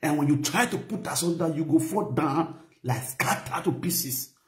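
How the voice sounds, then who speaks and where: A man's voice: a little high, lively intonation, moderate pace. Preachy Nigerian Pidgin man in a roomy space. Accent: Nigerian Pidgin, Benin (Edo). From Benin, Nigeria. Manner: preachy, repetitive, keeps asking "you understand?". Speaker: commentator vlogger. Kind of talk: lecturing commentary.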